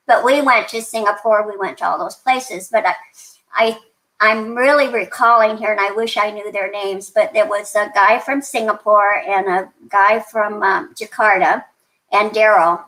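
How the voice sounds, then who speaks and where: A woman's voice: mid-range voice, fairly even intonation, normal speed, bright, forceful tone, poor audio. Chatty older woman telling rambling stories. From New Mexico, USA. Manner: rambling, many restarts and fillers, chatty. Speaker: podcast guest. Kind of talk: casual interview storytelling.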